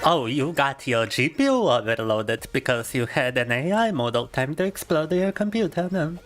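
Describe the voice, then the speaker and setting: Expressive and fairly bright, a mid-range male voice at normal speed belongs to a young streamer whose first language is Russian. He chats live over faint game music, swinging between two languages in a theatrical, mock-dramatic ramble.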